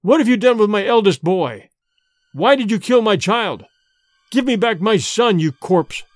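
A man voicing a stern grown man who heads a family, firm and given to furious shouting. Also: high voice, big pitch swings, moderate pace, dry recording. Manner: firm, then shouting in fury. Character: stern grown male head of a family, grim.

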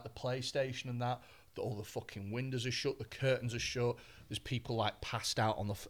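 A man, a comedian guest telling an anecdote in an animated, expletive-laden way on a podcast. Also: mid-range voice.

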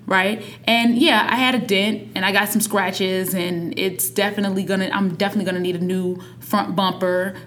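A woman in her thirties, a parent, chatting casually on a podcast and telling a family story with lively acted-out quotes. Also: mid-range voice, a little hiss or hum. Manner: animated storytelling, acts out quotes. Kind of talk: casual conversation.

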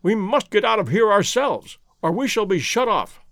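A man voicing an earnest young gentleman, anxious and sober. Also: high-pitched, sing-song, moderate pace, dry recording, studio quality, heavily acted.

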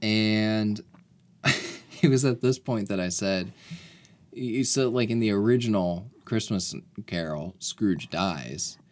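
Low-voiced man recapping a movie. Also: slow pace, darkish tone. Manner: rambling, self-correcting retelling. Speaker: podcast co-host. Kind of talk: casual movie recap chat.

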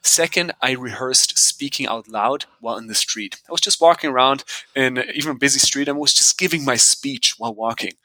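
A man talking as a guest on an interview podcast, with a bright, forceful voice. He tells stories animatedly, acting out bits of dialogue and laughing often, and the recording is close and dry. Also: medium pitch, brisk, hardly any pauses, no echo, low-quality recording. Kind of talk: conversational interview.

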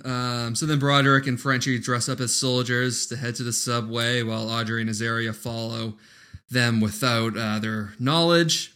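A man's voice: mid-range voice, fairly even intonation, normal speed, bright, forceful tone, smooth. Brief: male co-host, dry profane movie recaps, mid-range voice. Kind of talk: casual chat.

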